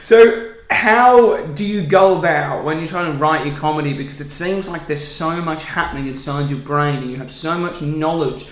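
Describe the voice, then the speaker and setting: A man's voice: a little high, normal speed, few pauses. A man hosting a podcast, asking his guest long, loose, curious questions. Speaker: podcast host. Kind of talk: casual interview questions. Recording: roomy echoey room.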